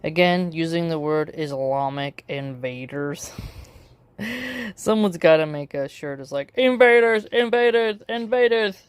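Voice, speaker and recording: A woman's voice: low voice, takes it slowly, darkish tone, smooth, no room sound. A woman giving casual spoken commentary in a sarcastic way, full of rhetorical questions. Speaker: political commentator.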